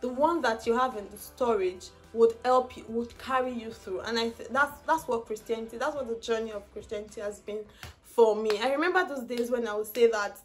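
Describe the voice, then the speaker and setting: A woman's voice: a little high, fairly quick, faint music behind. A young woman vlogger telling a personal story in a casual, emotional way, often laughing through tears and offering faith-filled encouragement.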